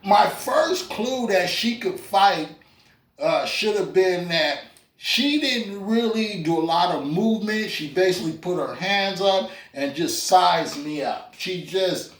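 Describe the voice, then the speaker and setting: High-voiced man doing roomy stand-up. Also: animated, slow pace, a bit bright. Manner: loose, chatty storytelling with lots of fillers and crowd asides. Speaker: stand-up comedian. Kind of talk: stand-up comedy set. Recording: roomy club sound from a distance.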